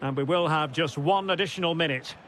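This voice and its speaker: Speaking briskly in a slightly high voice, a man records play-by-play for a football video game. Player names come out crisp and climb to shouted goal calls, with a faint hiss or hum underneath.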